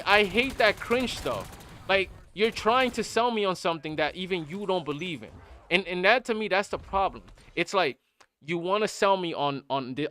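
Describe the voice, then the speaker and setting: A man with a high-pitched voice streams a game, sharing blunt opinions in casual chat and often repeating himself. He sounds animated, and there's slight background noise.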